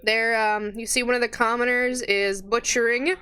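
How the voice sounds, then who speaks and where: A woman narrating as game master of a tabletop game, lively and quick to voice the townsfolk. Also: a little high, clean tone.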